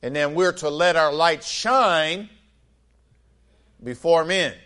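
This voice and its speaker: Man preaching with lively call-and-response. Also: on the high side, slow pace. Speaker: pastor. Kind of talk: sermon.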